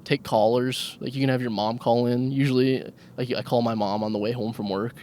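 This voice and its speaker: A man's voice: mid-range voice, steady tone, brisk, a little mellow, slight background noise. A man hosting a solo comedy podcast from his car while driving, crude and self-mocking, often laughing. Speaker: podcast host. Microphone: handheld microphone.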